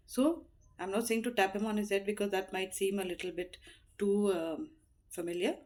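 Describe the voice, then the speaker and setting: A woman's voice: fairly low pitch, steady tone, a little fast, a little mellow. A middle-aged woman giving heartfelt, earnest advice, speaking unhurriedly with frequent "you know" fillers. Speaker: motivational speaker.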